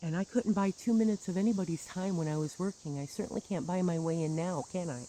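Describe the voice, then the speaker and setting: A woman's voice: fairly low pitch, quick pace, mellow, slight background noise, rough recording. A woman telling a personal grievance story in a bitter, sarcastic monologue with wry laughs. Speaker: churchgoer recounting grievances.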